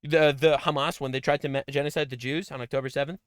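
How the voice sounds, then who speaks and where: A man hosting a political stream, reacting to clips with mockery and profanity, breaking into loud sarcastic outbursts. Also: on the high side, fairly even intonation, quick pace, no echo.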